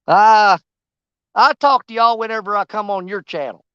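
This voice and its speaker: A man with a high-pitched, pushed and bright voice talks a little slowly in a clean tone, on a dry, lo-fi recording. Hosting a fishing livestream from a riverbank, he rambles casually to his viewers and teases the fish.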